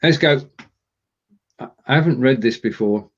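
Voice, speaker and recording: A man co-hosts a relaxed online language lesson, trying German phrases and joking at his own slips. His voice sits at a middle pitch. The sound is dull and lo-fi. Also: normal speed. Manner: jokey, stumbling through German phrases. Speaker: co-host and learner. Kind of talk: casual live language lesson.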